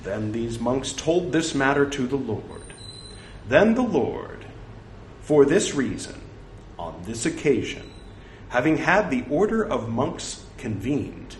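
A man giving a slow, measured scripture recital. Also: medium pitch, sing-song. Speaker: scripture reader. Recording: echoey room with faint hiss.

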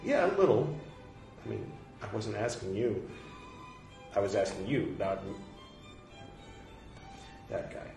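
A man's voice: on the low side, sing-song, takes it slowly, long pauses, a little mellow, faint music behind. A man casually commenting on a reading, rambling and facetious, with frequent asides. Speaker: podcast host reading and commenting. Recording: roomy echo, faint background noise.

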